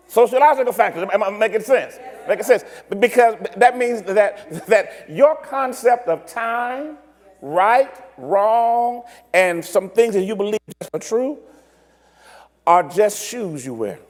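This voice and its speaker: A pastor preaching a sermon, stumbling and restarting often and acting out little dialogues. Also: male voice, very high-pitched, lively intonation, unhurried. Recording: long hall reverb.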